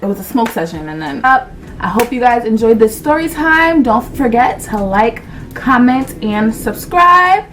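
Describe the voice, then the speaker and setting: A young adult woman telling a storytime on her vlog, animated and slangy, swearing freely and acting out what people said. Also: a little high, unhurried, recorded from a distance, a little hiss or hum. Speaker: vlogger. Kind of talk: casual storytime.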